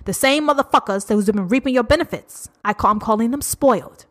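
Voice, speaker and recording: Woman podcast host, fairly high voice, uncensored solo rant, profane and emphatic, addressing listeners directly. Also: a bit bright. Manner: blunt, profane, emphatic and drawn-out; talks straight to listeners.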